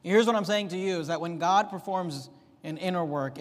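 Pastor mid-sermon: male, high voice, emphatic swings up and down, church-hall reverb. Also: normal speed. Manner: emphatic, rising and dropping sharply for effect.

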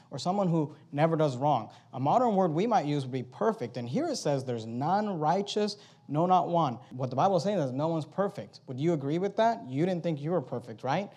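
A man teaching a method for sharing the gospel. He works through numbered steps, acts out sample conversations, and reads verses slowly to stress each word. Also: on the high side, warm tone, slightly rough. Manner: walks through steps and role-plays dialogue; slow emphatic verse reading. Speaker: evangelism trainer.

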